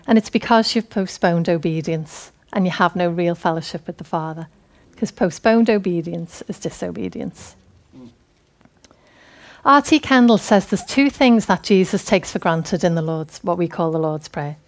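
A woman's voice: on the low side, normal speed. A woman giving a conversational, earnest sermon. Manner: conversational, earnest, laughing often. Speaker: preacher.

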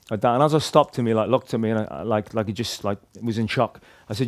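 A man's voice: on the low side, fairly even intonation, racing, hardly any pauses. A man with a Northern Irish accent tells a personal faith story to a group in a chatty, rambling way, full of restarts and "like". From Northern Ireland. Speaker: speaker sharing a testimony.

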